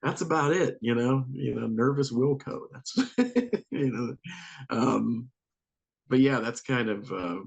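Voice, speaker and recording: Gravelly-voiced man telling funny anecdotes. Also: medium pitch, unhurried. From Northeast Ohio. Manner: laughs often, animated anecdotes with acted quotes. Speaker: musician guest. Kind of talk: casual storytelling.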